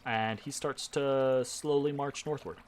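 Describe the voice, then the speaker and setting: A man's voice: mid-range voice, fairly even intonation, measured pace, a little hiss or hum. A man narrating a tabletop game as game master, hesitant and full of ums and restarts.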